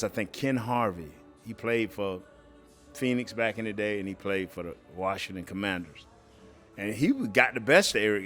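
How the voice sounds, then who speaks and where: A middle-aged man, a podcast guest telling lively stories, acting out quotes and laughing often. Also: mid-range voice. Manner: animated storyteller, acts out quotes, laughs often. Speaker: guest, former football player. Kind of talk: storytelling podcast interview.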